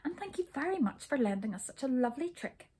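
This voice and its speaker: A fretful little brownie boy, voiced by a woman reading aloud, shrill and insistent, shooting up very high. His voice stays husky around the edges. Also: big pitch swings, fast, darkish tone, heavily acted. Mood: grateful. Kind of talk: storybook reading.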